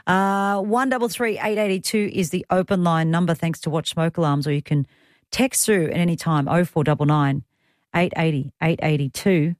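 A woman's voice: lowish voice, steady tone, no room sound, studio quality. A woman with an Australian accent hosting talkback radio, chatty and teasing, often joking with callers and her producer. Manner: chatty, teasing, quick to joke. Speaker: radio host. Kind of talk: casual talkback radio chat. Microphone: studio microphone.

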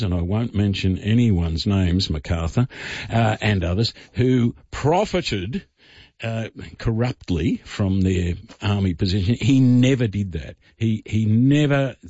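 A man's voice: medium pitch, a little mellow, breathy edge, dry recording. A man telling history stories on the radio, in a rambling way with many fillers and restarts. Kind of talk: casual radio storytelling. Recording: dull dry radio studio sound.

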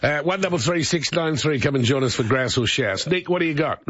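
An Australian man hosting a casual radio chat, relaxed and full of fillers. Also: fairly high pitch, brisk, background noise. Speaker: radio host. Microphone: studio microphone. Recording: dry, slightly muffled radio studio.

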